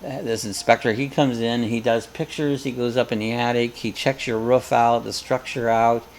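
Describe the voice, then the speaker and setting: A gravelly-voiced man hosting a relaxed live chat, wandering from story to story with corny jokes. His voice sits at an ordinary middle pitch. A faint hiss runs under the recording. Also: moderate pace. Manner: rambling, jokey storyteller. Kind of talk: casual chat.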